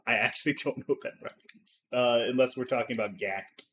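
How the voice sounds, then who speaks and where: A man's voice: mid-range voice, fairly quick, fairly bright tone. Laughing, rambling male game master. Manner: rambling, filler-heavy, laughs often. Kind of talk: narrating a tabletop game.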